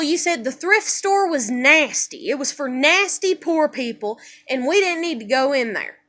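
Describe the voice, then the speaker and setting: A woman's voice: high voice, lively intonation, moderate pace, fairly bright tone. A young woman venting in a personal vlog, profane and exasperated as she rants. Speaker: vlogger.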